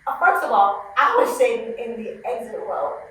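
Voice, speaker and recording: A woman comedian telling a story as a podcast guest, in a punchy, profane, animated way. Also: on the high side, normal speed, heavy reverb, far from the mic, a little hiss or hum, low-quality recording. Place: in-person podcast recording room.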